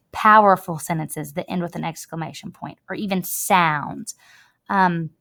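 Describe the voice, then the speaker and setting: A woman teacher giving a chatty, emphatic writing lesson to students while recording her screen, drawing out words as she demonstrates. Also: fairly low pitch.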